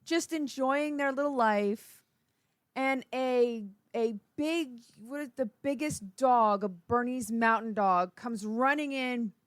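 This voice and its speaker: A woman sitting in on a radio show, teasing the host in a playful, giggly way. Her voice sits a bit high. The sound is dry and close, with no room echo. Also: slow pace. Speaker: host's partner, studio guest. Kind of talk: casual on-air banter. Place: radio studio.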